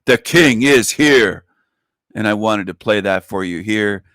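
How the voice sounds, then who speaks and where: A man's voice: on the low side, a little slow, a bit bright, dry recording. Dry, close-miked male show host. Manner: repetitive, taunting, sing-song jeering. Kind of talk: mocking livestream monologue.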